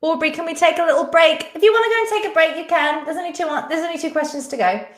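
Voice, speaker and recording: A woman's voice: very high voice, rapid-fire. A woman hosting a live-stream quiz, chatting casually and reading out viewers' names and answers. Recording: echoey room.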